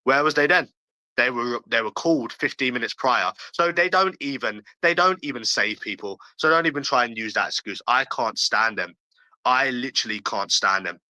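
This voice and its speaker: A man's voice: medium pitch, normal speed, sharp tone, no echo, poor audio. A man ranting on a livestream, talking bluntly and profanely and repeating himself, while addressing viewers in chat. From London, England.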